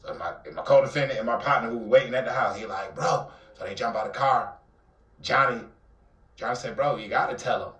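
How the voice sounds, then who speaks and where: A man with an Atlanta accent telling a dramatic personal story in an interview, acting out the voices and swinging between loud outbursts and near-whispers. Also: mid-range voice, fast talker. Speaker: guest telling his life story. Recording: roomy, somewhat distant mic.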